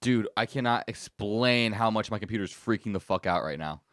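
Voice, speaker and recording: A man's voice: fairly low pitch, a little fast, fairly bright tone, no room sound, studio quality. A young man co-hosting a podcast, frazzled, sarcastic and swearing in casual chat. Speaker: podcast co-host.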